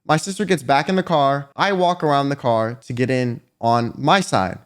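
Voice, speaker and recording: Young guy vlogger doing a storytime, animated, curses a lot, exaggerates, high voice, super lively pitch. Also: brisk, hardly any pauses. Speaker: YouTuber. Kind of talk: storytime vlog.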